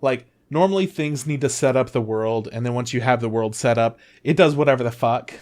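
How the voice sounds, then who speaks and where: A man's voice: mid-range voice, fairly quick, a little mellow. A man co-hosting a podcast, casually retelling anime plots with lots of swearing and filler words. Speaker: podcast co-host. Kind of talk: casual chat about anime.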